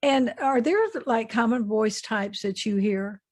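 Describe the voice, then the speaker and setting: A woman's voice: a little high, a little slow, darkish tone. A woman host asking a guest conversational questions in an interview. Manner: curious, conversational.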